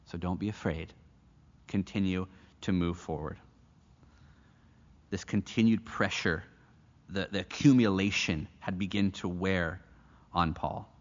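A man's voice: sits low, unhurried, pauses often. A man from the United States preaching a sermon, telling a personal story in an earnest way and often restarting his phrases. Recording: echoey hall, dull lo-fi sound.

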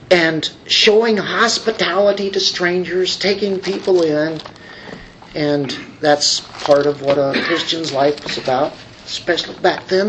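Conversational male preacher with drawn-out emphasis. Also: high voice, slight background noise, rough recording. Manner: frequent fillers and restarts. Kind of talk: sermon.

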